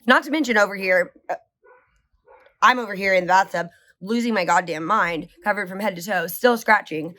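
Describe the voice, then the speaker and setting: A woman vlogger telling a story to camera in a casual, rambling way, full of "like" fillers and swings in pace. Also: mid-range voice. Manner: animated, rambling, heavy use of "like"; speeds up and slows down often.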